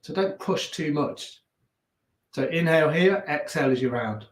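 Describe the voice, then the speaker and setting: A man with a Leicester accent teaching a gentle yoga class, giving calm, unhurried cues with chatty asides. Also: on the high side. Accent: Leicester English. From England. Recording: echoey room.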